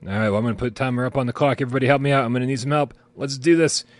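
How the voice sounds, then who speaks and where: A man's voice: medium pitch, steady tone, very fast, dry recording. Rambling swearing guy hosting a live show. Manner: rambling, swears casually, laughs often. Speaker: podcast co-host. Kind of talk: casual live-stream chat. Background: sirens outside.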